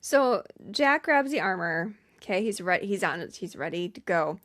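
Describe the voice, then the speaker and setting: A woman's voice: fairly low pitch, animated, normal speed, a bit bright. A woman co-hosting a podcast, recapping a film in a casual, chatty way with lots of fillers. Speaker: podcast co-host. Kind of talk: casual movie recap chat.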